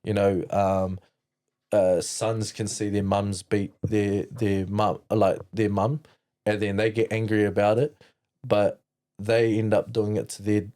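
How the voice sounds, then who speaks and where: A man's voice: fairly low pitch, level tone, measured pace, mellow. A man with a New Zealand accent, a podcast guest telling his own story candidly, rambling with fillers, restarts and casual swearing.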